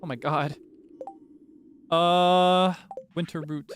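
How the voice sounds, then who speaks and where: A man's voice: a little high, steady tone, drawn-out words, slight background noise. A young man streaming a game, chatting casually and nervously, scolding monsters on screen and laughing at himself. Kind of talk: casual gameplay commentary. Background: game music.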